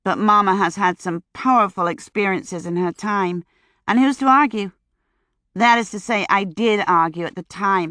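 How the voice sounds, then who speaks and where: A woman's voice: fairly low pitch, fairly bright tone, dry recording, studio quality, close to an everyday voice. A woman voicing a chatty, brash young American flapper from Chicago in an audiobook, eager and gushing. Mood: confiding. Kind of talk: audiobook character voice.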